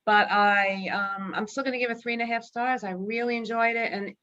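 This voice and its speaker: A woman's voice: on the high side, steady tone, fairly quick, sharp tone, dull audio. A woman with a New York accent giving frank, opinionated views in casual chat. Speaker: podcast panelist.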